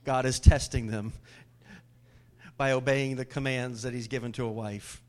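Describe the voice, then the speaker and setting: A man's voice: fairly even intonation, moderate pace. Man preaching a sermon, tosses questions at the crowd, cracks little jokes. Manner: calls out questions to the congregation; jumps to much higher, louder pitch when voicing scripture characters. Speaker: pastor.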